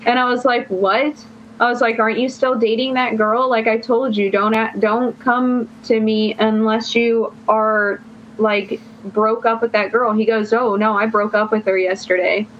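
A woman's voice: fairly high pitch, little pitch movement, moderate pace. A young woman guest on a podcast telling a long personal story in casual chat, rambling and filling her phrases with "like". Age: young adult. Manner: rambling, fills every phrase with "like". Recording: dull lo-fi sound.

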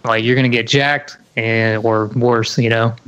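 A man's voice: mid-range voice, fairly even intonation, measured pace, fairly bright tone, clean tone. A young man telling a story in casual chat, full of fillers and swearing. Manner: swears a lot, lots of "like" and "you know".

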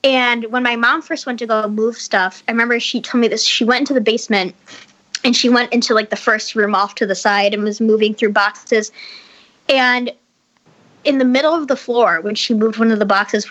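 A woman's voice: on the high side, fairly even intonation, normal speed, a bit bright, dull audio. A woman telling a story in casual chat over a video call, rambling and full of likes and restarts. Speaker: podcast guest telling a story.

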